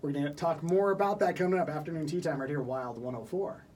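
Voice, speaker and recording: A woman's voice: deep voice, lively intonation, fast talker, darkish tone. A woman hosting a radio show, doing station links and blunt, wry banter. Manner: wry, blunt, swears casually. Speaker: radio host. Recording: distant mic with faint noise.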